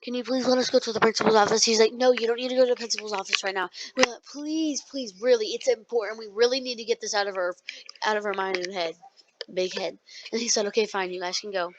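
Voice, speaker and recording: A young podcast co-host telling a rambling school story in casual chat, full of likes and ums. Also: female voice, a little high, fairly even intonation, fast talker, noisy background. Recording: dull lo-fi sound.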